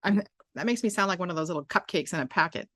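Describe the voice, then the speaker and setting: Low-pitched lady hosting a chat show, rambles a lot, very dry sound. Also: animated, fast talker, fairly bright tone, dry recording. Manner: chatty, rambling with frequent restarts and fillers. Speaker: podcast host. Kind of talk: casual chat.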